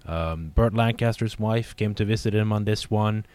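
A man's voice: lowish voice, moderate pace, darkish tone, clean tone, no room sound. A man co-hosting a casual film podcast, making dry, sardonic remarks. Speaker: podcast co-host.

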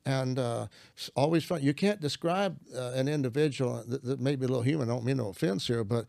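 A man's voice: mid-range voice, brisk, gravelly, a little mellow, no room sound, clean studio sound. An older man, a minister, earnestly telling a personal testimony in conversation and acting out his prayers. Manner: earnest storytelling, acts out prayers.

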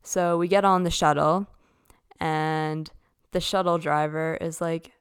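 A young Canadian woman, a figure skater who hosts a podcast, tells casual stories in a low, steady, slightly slow voice that is creaky yet clean in tone. She's chatty and says "like" a lot.

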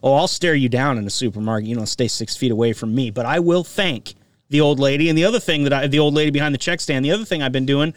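Man host, casual rambling talk, smooth clear tone, sitting back from a dry mic. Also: medium pitch, quick pace, dry recording, far from the mic. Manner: rambling, self-deprecating. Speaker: podcast host. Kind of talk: casual chat. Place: Eugene, Oregon.

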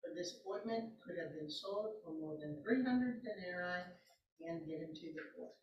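A woman in a study group reading a scripture passage aloud in a soft, careful way. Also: on the low side, animated, normal speed, muffled recording. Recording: distant, echoey room.

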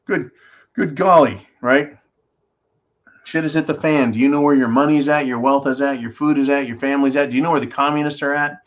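A man hosting a call-in style commentary show, reading out viewer comments and ranting sarcastically, swearing freely as he rambles. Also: a little high. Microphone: holds objects up to a camera while talking.

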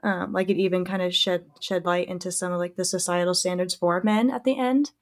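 A woman's voice: on the low side, steady tone, brisk. A woman appearing as a guest in a casual podcast conversation, with many likes and ums.

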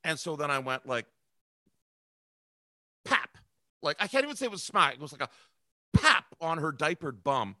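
A man's voice: a little high, very animated, a little fast, pushed and bright, dry recording, clean studio sound. A man co-hosting a podcast, telling a story in casual chat and acting out the voices he quotes. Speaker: podcast co-host.

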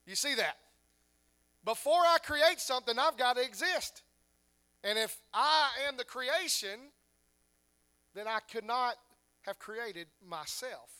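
A man's voice: extremely high pitch, lively intonation, slow pace, pauses often, pushed and bright, clean tone. A pastor preaching a sermon to his congregation, asking emphatic rhetorical questions.

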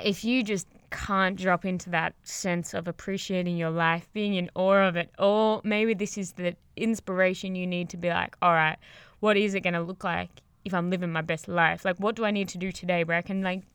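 Upbeat rambling woman, smooth dry voice. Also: mid-range voice, dry recording. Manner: upbeat, rambling, swears freely, laughs often. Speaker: podcast host, yoga teacher. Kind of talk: casual motivational monologue. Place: crouched under blankets. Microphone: very close to the microphone.

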